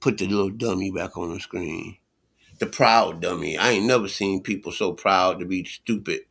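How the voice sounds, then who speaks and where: Male reaction streamer, gravelly voice, heated and scornful, repeats himself. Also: sits low, moderate pace, fairly bright tone. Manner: scornful, repetitive, swears a lot.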